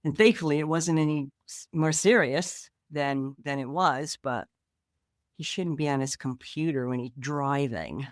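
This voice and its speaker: A woman hosting a podcast, reflecting warmly on her guest's story in a casual chat. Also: low voice, measured pace, no echo, studio quality. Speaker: podcast host.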